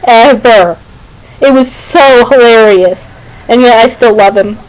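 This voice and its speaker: A woman's voice: fairly high pitch, a little slow, rough recording. A young woman vlogging at home, chatting and rambling to her camera, giggly and talkative. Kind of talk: casual rambling chat to camera. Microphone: camera on a computer.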